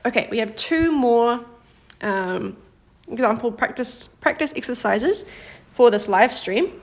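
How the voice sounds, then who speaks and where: A woman's voice: on the high side, expressive. Patient, encouraging woman teaching a lesson. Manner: patient, encouraging, praises viewers by name; slows down to model example sentences. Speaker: Korean language teacher. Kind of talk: live-streamed grammar lesson.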